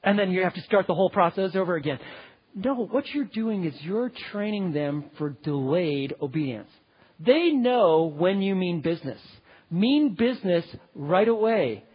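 A man teaching parenting in sermon style, animated, often checking in with "okay?". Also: high voice, moderate pace, husky. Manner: animated, acts out parents and kids, keeps asking "okay?". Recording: dull, lo-fi hall with long reverb.

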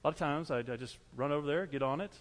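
A man's voice: a little high, rapid-fire, big-room sound. A man preaching a sermon as pastor, earnest and repetitive, driving his points home with everyday illustrations.

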